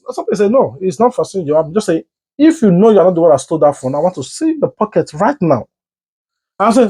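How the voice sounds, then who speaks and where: A man's voice: high voice, fast talker, slightly rough, rough recording. A Nigerian man hosting a commentary show, arguing his opinion and acting out quarrels with a rising voice. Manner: animated, acts out arguments with rising voice.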